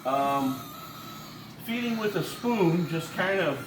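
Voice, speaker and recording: A man's voice: sits high, lively intonation, slow pace, noisy background. A man who breeds birds gives a casual how-to demonstration, explaining step by step with lots of fillers and restarts. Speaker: bird breeder.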